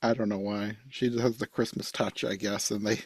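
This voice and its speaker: A man hosting a podcast, chatting casually about a movie with a laid-back, wry manner that drops into quiet asides. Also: fairly low pitch, flat delivery, moderate pace, breathy edge, no echo. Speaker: podcast host. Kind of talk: casual movie review chat.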